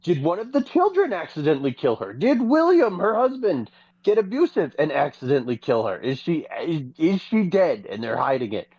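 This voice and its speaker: A podcast co-host in casual gossip chat, telling stories in an animated, profane way. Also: medium pitch, normal speed, breathy edge, dry recording, lo-fi sound. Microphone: podcast microphone.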